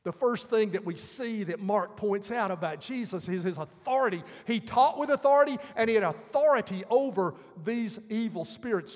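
Earnest high-voiced male preacher. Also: long reverb tail. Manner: earnest, explaining scripture verse by verse. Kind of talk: sermon.

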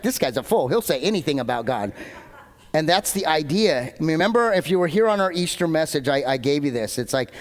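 A man with a fairly high voice preaches from a church stage. He rambles into side stories and pokes fun at himself in a loose, chatty sermon. The sound carries a long hall reverb. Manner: rambling, self-deprecating, jumps between tangents. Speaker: pastor.

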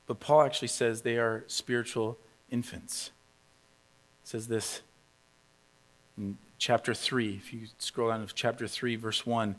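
A man's voice: medium pitch, fairly bright tone. A man preaching a casual teaching sermon, conversational and emphatic, acting out quotes with a raised voice.

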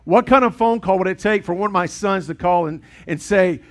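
Middle-aged man, pastor preaching, higher-pitched voice, earnest, loud then hushed. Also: brisk. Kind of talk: sermon. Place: church sanctuary with congregation.

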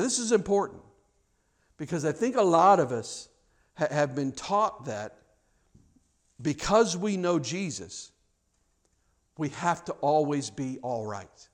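A pastor preaching a conversational sermon, often repeating words as he goes and swinging from hushed, low passages to loud, excited ones.

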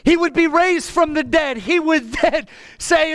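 A man preaching a sermon with passion, often rising to a shout. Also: very high-pitched, normal speed, no room sound. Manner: impassioned, bursts into shouting.

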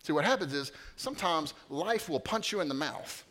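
A middle-aged man preaching a sermon in a conversational way, dropping to quiet asides and rising to loud peaks. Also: on the high side, lively intonation, normal speed. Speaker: pastor. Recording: long hall reverb.

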